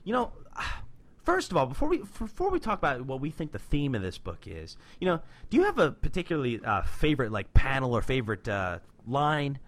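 A man's voice: medium pitch, huge pitch swings, fairly quick, fairly bright tone. A man co-hosting a podcast, chatting enthusiastically about a comic book and laughing often. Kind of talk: casual chat about comics.

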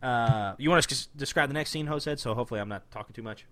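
A man co-hosting a casual chat, animated, laughing often and slipping into silly character voices. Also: medium pitch, fast talker. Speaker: podcast co-host recapping a cartoon.

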